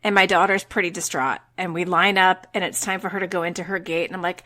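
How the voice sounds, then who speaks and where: A middle-aged woman co-hosting a podcast, telling a personal story in casual chat with lively delivery and casual swearing. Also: lowish voice, fast talker, hardly any pauses. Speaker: podcast co-host.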